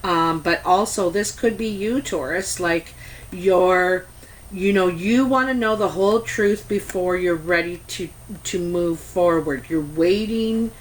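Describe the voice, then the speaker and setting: A Canadian woman talks through a tarot reading at an unhurried, drawn-out pace. Her voice sits a little low, and she rambles through asides and hesitations. A faint hiss of noise runs under the recording. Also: low-quality recording. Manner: slow, chatty and meandering, with many ums and asides. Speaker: tarot reader. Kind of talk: casual tarot reading to camera.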